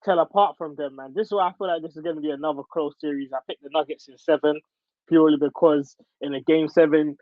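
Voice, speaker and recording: A man appearing as a podcast guest, chatting casually and in a relaxed way about basketball. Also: fairly high pitch, fast, dry recording. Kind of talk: casual sports chat. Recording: dull, dry sound.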